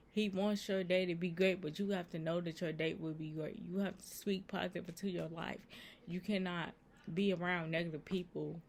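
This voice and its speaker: A woman giving earnest, repetitive faith advice in a casual vlog, talking straight to her viewers. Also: on the low side. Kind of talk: casual Christian encouragement vlog.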